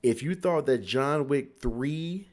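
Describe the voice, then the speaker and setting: A man's voice: mid-range voice, expressive, slow. A young man from Cincinnati reviewing a movie in a casual, rambling way, repeating words and acting out his friends' lines.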